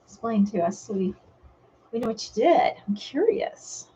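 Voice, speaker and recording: A woman's voice: a little high, animated, moderate pace, mellow, poor audio. A woman hosting a casual live vlog, chatting with viewers by name and laughing often. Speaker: vlog host. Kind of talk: casual live-stream chat. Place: home.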